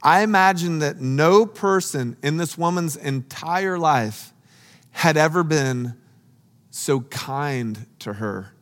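Slow earnest preacher in a large hall. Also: male voice, fairly high pitch, animated, fairly bright tone. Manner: slow, earnest and emphatic with dramatic pauses. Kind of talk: sermon.

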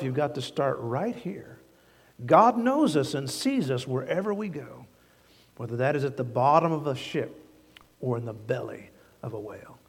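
A man preaching a sermon as pastor, folksy and plain-spoken, building from quiet asides to loud emphatic peaks. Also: fairly high pitch, big-room sound.

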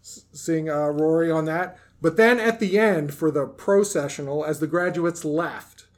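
A man's voice: fairly high pitch, a little slow. A man telling a weekend story in a casual, jokey chat. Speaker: co-host.

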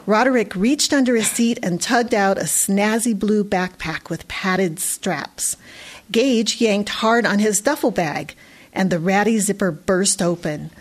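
Lively, expressive female audiobook narrator. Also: medium pitch, measured pace.

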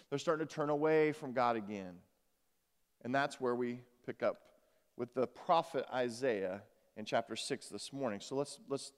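A man preaching a morning sermon in earnest, often restarting his words and swinging between loud emphasis and soft, quiet passages. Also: medium pitch, clean tone. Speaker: pastor. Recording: long reverb of a large hall.

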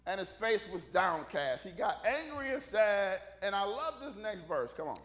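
A man preaching a casual, humorous sermon, animated and conversational, joking with the congregation. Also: sits high, moderate pace.

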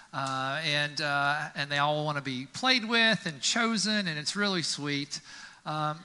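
A male pastor preaches in a folksy, conversational way, leaning on casual fillers. His voice is very bright and a little high. It carries the long reverb of a church sanctuary. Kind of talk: sermon.

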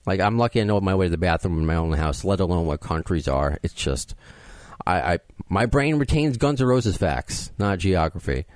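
A podcast host, chatting casually and poking fun at himself, with frequent restarts. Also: male voice, deep voice, animated, moderate pace, darkish tone, dry recording. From Queens, New York. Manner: self-deprecating, rambling with restarts.

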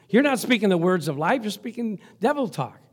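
A male pastor preaching a lively sermon, chuckling often and reading scripture aloud. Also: sits high, normal speed, breathy edge.

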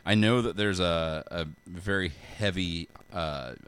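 A man's voice: low voice, a little slow, fairly bright tone, smooth. A young man co-hosting a podcast in casual chat, talking hesitantly with fillers and trailing off, sometimes turned away from his desk mic while he types. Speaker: podcast co-host. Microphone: desk mic, not always facing it while typing.

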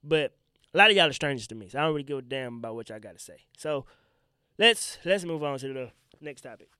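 A man's voice: medium pitch, expressive, fast, pushed and bright, clear, resonant tone, no room sound, clean studio sound. A young man hosting his own podcast, ranting bluntly and profanely in a rambling way, a little congested from allergies. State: sick, congested from pollen. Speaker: podcast host and stand-up comedian. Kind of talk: solo podcast rant.

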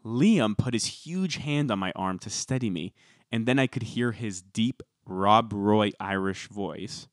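A man hosts a casual podcast in a relaxed, gossipy way, reading out quotes between his own asides. His voice is recorded dry and close, with no room sound. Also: lowish voice, a little slow, dry recording. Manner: chatty, gossipy, reads quotes aloud. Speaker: podcast co-host. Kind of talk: casual chat.

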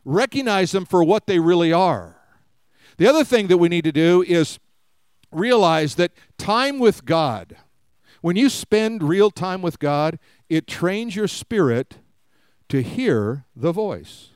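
A pastor preaches a conversational sermon to a live congregation, often putting questions to them, picked up by a live-streamed service mic with no room sound. His high-pitched voice is animated and slow, a little mellow, clear, and resonant.

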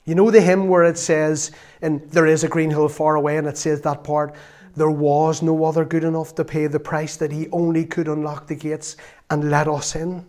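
A man's voice: a little high, level tone, moderate pace. Earnest man preaching. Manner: earnest, storytelling, rises to loud exclamations. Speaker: lay preacher. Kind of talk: sermon.

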